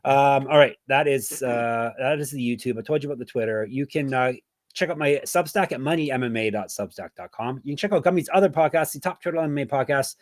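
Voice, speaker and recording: A man's voice: mid-range voice, quick pace, no room sound. Male podcast host, casual and chatty, jokey sign-off energy, dry mic. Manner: chatty, joking, plugs links.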